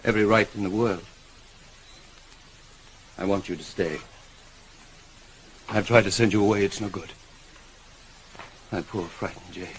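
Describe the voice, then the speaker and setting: An actor playing a brooding gentleman master of a manor in a 1950s television drama, commanding but turning soft and pleading. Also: on the low side, fairly even intonation, measured pace, pauses often, a little hiss or hum, natural voice, rough recording. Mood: earnest. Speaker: employer.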